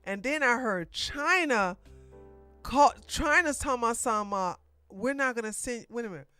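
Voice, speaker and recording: A woman's voice: on the high side, expressive, moderate pace, bright, forceful tone, clear, resonant tone, faint music behind. A woman hosting a political news livestream, talking loosely with many restarts and asides. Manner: rambling, restarts, talks back to clips. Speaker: podcast host. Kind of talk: casual political commentary livestream.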